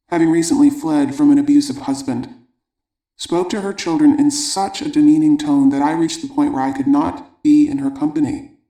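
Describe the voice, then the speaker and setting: A man with a fairly high but mellow voice reads an audiobook aloud. His delivery is measured and even, in the manner of scripted narration. The sound carries a roomy echo.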